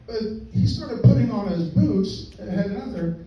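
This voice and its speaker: A man's voice: sits high, lively intonation, normal speed, few pauses, warm tone. An older man, a grandfather, telling a folksy comic story on stage and chuckling as he goes. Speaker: stand-up comedian. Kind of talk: storytelling stand-up. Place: live venue with audience. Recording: distant, roomy, dull live recording.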